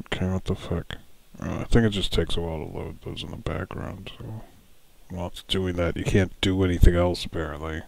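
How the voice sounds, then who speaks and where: A man's voice: deep voice, creaky, darkish tone, dry recording. A man running a solo tabletop game as dungeon master, musing aloud, correcting himself and chuckling often.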